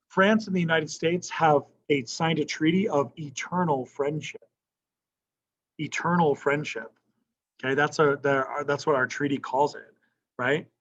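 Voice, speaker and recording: A male history teacher lectures his class casually and conversationally in a slightly high voice with the highs cut off. He often asks questions and checks in with "right?"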